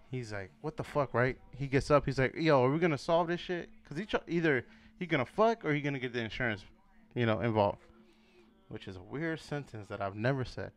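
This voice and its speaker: A young man co-hosting a podcast, telling a crude story in casual chat, acting out voices and laughing often. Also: mid-range voice. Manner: animated, profane, laughs often, acts out voices. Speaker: podcast co-host.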